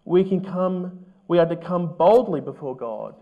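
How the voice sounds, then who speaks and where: Earnest higher-voiced male preacher. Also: lively intonation, narrow, tinny audio. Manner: earnest, measured preaching with rhetorical questions. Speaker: pastor. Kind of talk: sermon.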